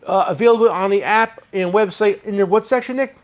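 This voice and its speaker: A man's voice: high-pitched, brisk. A man hosting a casual tool shop chat, rambling and joking at his own expense. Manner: rambling, joking, self-mocking. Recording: noisy shop recording.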